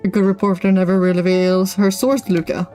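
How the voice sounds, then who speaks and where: A woman's voice: fairly low pitch, flat delivery, moderate pace, warm tone, soft background music, natural voice. A woman reading the lines of a gossipy young girl reporter from a story game. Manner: reads game dialogue aloud.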